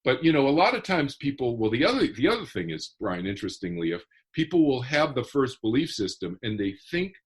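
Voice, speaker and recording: A man's voice: medium pitch, sing-song, brisk, few pauses, slightly rough. A man who is a guest author on a podcast, explaining his ideas earnestly and step by step. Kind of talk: podcast interview.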